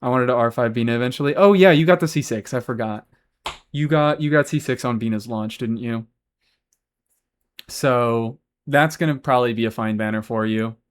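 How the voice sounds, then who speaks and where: Guy streaming games, chill chatty voice, cursing casually, average pitch. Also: fairly even intonation, moderate pace, smooth. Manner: chatty, swears freely, answers chat. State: has hiccups. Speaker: game streamer. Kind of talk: casual live-stream chat.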